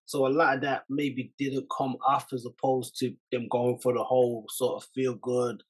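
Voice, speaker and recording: A man hosts a commentary video, thinking aloud in a measured way and often using fillers. His voice is husky and mid-pitched. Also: level tone, rough recording. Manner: reflective, measured, uses many fillers. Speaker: channel host.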